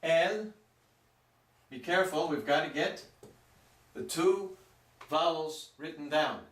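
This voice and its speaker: A man teaching a Spanish grammar lesson, speaking slowly and stretching out words to show their pronunciation. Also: on the high side. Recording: roomy echo, mic some distance off.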